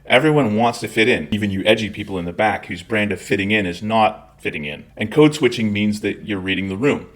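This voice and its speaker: A man's voice: on the low side, fairly quick, few pauses. Blunt, profane male veteran host. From Scotland. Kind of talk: scripted commentary rant.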